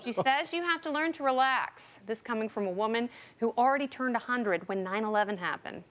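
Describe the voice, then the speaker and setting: A woman hosting a TV panel show, reading segments with quick wisecracks. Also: on the high side, expressive, a bit bright. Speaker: host.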